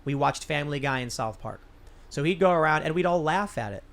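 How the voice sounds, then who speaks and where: A man's voice: fairly high pitch, animated, fairly quick, vocal fry, fairly bright tone. A man hosting a political talk show, telling a rambling story with many restarts. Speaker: podcast host.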